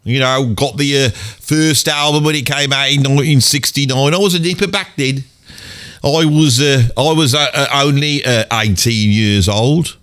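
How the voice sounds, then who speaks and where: A man's voice: mid-range voice, normal speed, a bit bright, close to an everyday voice. A man voicing a grumpy, swearing Birmingham pensioner in his seventies, grumbling through a comedic monologue with a Birmingham accent. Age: 70s. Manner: gruff, grumbling, swears constantly.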